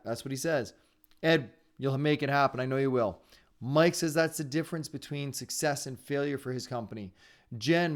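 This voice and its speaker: A man hosting a live online sales training webinar, talking fast in an upbeat, encouraging way. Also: medium pitch. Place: his home area in Ontario.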